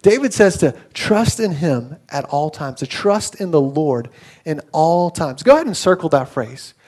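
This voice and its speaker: A man's voice: on the high side, sing-song, a little slow, darkish tone. A young adult man preaching a sermon in a conversational way, telling stories with acted quotes. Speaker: pastor.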